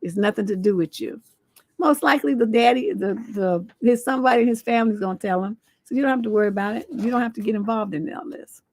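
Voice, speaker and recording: A woman's voice: fairly high pitch, fast talker, no echo. Lady relationship coach going off, blunt and salty, dry close sound. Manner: blunt, scolding, salty, rhetorical questions. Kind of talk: livestream advice show, reading letters.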